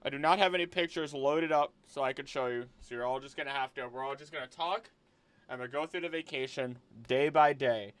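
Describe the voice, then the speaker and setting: A man's voice: medium pitch, fairly quick, a bit bright, clean tone, dry recording. A young man hosting a casual live stream from home, rambling and chatting and laughing often. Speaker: livestream host. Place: home room.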